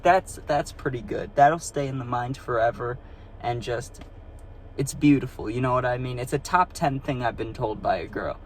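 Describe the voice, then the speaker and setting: A man's voice: mid-range voice, slight background noise. A young man telling a rambling, profane story in a casual vlog, recorded on his phone. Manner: rambling, profane, full of "you know what I mean". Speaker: vlogger.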